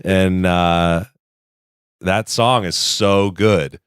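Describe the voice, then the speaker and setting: Deep voiced guy in his 30s rambling away excitedly, dry close mic. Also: drawn-out words, clear, resonant tone, no room sound. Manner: rambling, enthusiastic storyteller. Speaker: podcast co-host. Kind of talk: casual chat.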